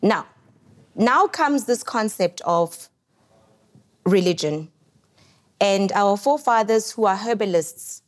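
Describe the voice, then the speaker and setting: A woman with a South African accent, a podcast guest explaining things in an earnest, lecturing way. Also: medium pitch. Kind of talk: podcast discussion.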